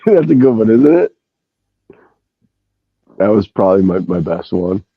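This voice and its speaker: A man's voice: on the low side, sing-song, a little slow, vocal fry, husky, no room sound, narrow, tinny audio. A man chatting casually with a co-host, chuckling and bantering playfully. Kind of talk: casual chat.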